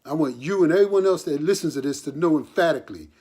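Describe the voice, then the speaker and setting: A man's voice: fairly high pitch, animated, fast, dark tone, slightly rough. Earnest, hurt older man pleading. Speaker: father addressing his son. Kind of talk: recorded personal appeal.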